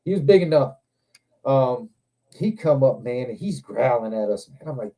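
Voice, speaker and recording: Male host, casual livestream chat: very dark, mellow tone, profane, animated storyteller who acts out his own quotes. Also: mid-range voice, moderate pace. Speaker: show host. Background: other men on a livestream hangout.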